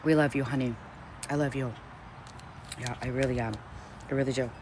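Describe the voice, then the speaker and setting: A woman's voice: extremely low pitch, steady tone, fairly quick, noisy background. A woman chatting casually on a livestream, effusive and gushing, swearing constantly as she talks. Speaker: streamer.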